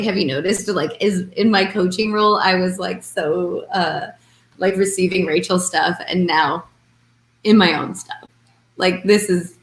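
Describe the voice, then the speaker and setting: Lady coach rambling on a live video call, lowish voice, acts out convos, kinda roomy sound. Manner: animated, rambling, acts out quoted exchanges. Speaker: intuitive life coach. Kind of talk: casual live coaching chat.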